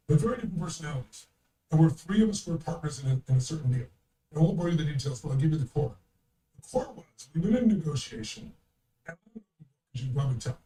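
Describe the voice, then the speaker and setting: A man's voice: fairly high pitch, warm tone, recorded from a distance, slight background noise. An older man telling a story as a guest, in an emphatic, blunt way and swearing freely. He is recorded in a roomy space, away from the mic. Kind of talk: anecdotal storytelling.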